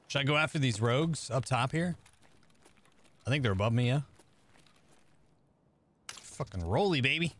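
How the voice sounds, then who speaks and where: A man streaming a game live, chatting casually with viewers and thinking out loud as he plays. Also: medium pitch, brisk, long pauses. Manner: chatty, thinking aloud, talking to chat. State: out of breath. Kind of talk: casual live-stream chat while gaming.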